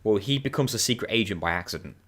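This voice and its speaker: Talking fast with a breathy edge, this deep-voiced male co-op gaming host chats with a friend mid-game. His storytelling is animated, and he frequently breaks into laughter.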